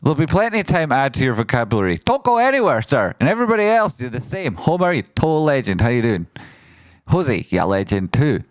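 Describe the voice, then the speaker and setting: A man hosting a trading livestream, bouncing between playful shout-outs to viewers and quick remarks on trades. His voice sits at an ordinary middle pitch, and the sound is close and dry with almost no room around it. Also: no echo. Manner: excitable, jokey, rapid shout-outs with playful exclamations. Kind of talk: lively livestream chat, reading out members and donations.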